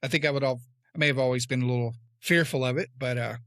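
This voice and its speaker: A male podcast host who asks his guest questions in a loose, halting way, restarting his sentences as he thinks. His voice sits in a middle register, and the recording is dry with no room echo. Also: medium pitch, fairly even intonation, fairly bright tone. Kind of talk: casual interview.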